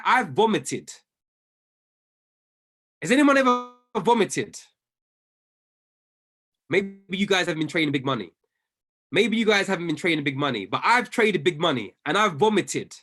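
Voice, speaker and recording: A young man coaching traders in an animated live talk, with a somewhat high voice. He dramatises a panicking trader's thoughts, talking fast and getting louder and higher as he goes. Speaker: trading coach. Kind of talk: live-streamed motivational talk.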